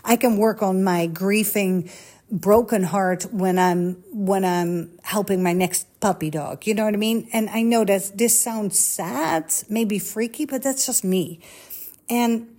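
This woman, a social media coach, has a mid-range, darkish voice and keeps a measured pace. In a confessional, casual chat, she opens up about personal stories and imitates whoever she's quoting.

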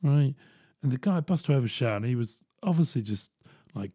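A young man telling a personal story in a casual, animated way, swearing freely. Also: mid-range voice, normal speed, husky, dry recording, clean studio sound. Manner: animated, swearing, chuckling asides.

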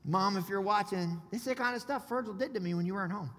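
A man preaching a sermon, excitable and storytelling, with loud shouted peaks. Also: sits high, fast. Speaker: pastor. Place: church sanctuary. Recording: long hall reverb.

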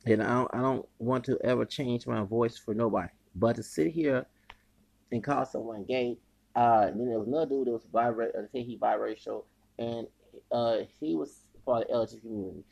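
Speaking a little fast with vocal fry, this US podcast host has a medium-pitched, slightly mellow voice. His rant is heated and meandering, with frequent stumbles and repeated words, and the audio is low quality.

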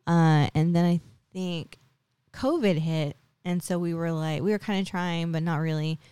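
A woman's voice: on the low side, moderate pace, dark tone, clear, resonant tone, no room sound. A woman in her forties hosting a podcast, telling a personal story in a chatty, casual way full of tag questions and fillers. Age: 40s. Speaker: podcast host.

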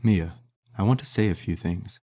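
A man's voice: deep voice, moderate pace, mellow. A man voicing a young man who speaks earnestly and confessionally to the woman he loves.

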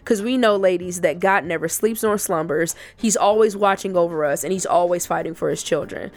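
A woman giving a personal faith testimony to other women. She speaks earnestly and emphatically, repeating herself for emphasis. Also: lowish voice.

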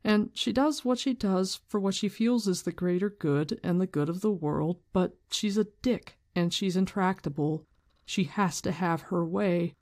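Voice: medium pitch, darkish tone. A book commentator who reads passages aloud and gives candid, opinionated views in a casual way, swearing now and then.

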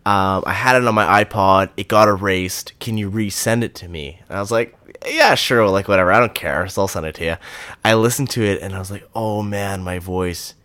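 A man's voice: on the low side, expressive, a little fast, sharp tone, no echo. A man co-hosting a casual podcast, laid-back and agreeable, with lots of fillers. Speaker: podcast co-host. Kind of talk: casual chat.

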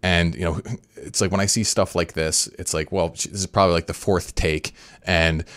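Very deep-voiced man chatting casually. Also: steady tone, moderate pace, a bit bright, no room sound. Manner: rambling, self-correcting, repeats words. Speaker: podcast host. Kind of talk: casual commentary chat.

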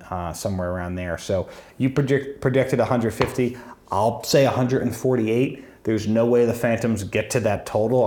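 On the low side and a little mellow, a man's voice co-hosts a fantasy football podcast. He chats casually about sports, analyzing matchups in a talkative way and saying um often.

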